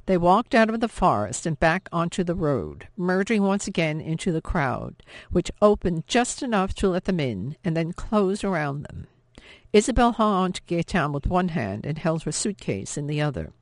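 A woman narrating a novel in a measured, steady, expressive way, recorded close to the mic. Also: lowish voice, no echo. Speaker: audiobook narrator. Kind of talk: scripted narration.

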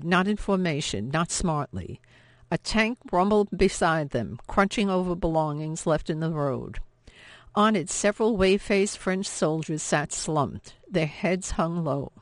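A woman narrating a novel in a measured, steady, expressive way, recorded close to the mic. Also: on the low side, no echo. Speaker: audiobook narrator. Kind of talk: scripted narration.

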